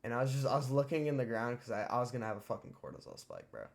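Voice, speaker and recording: A man's voice: mid-range voice, sing-song, rapid-fire, vocal fry. A teenage boy streamer telling a story casually, profane and rambling with lots of fillers. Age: teens.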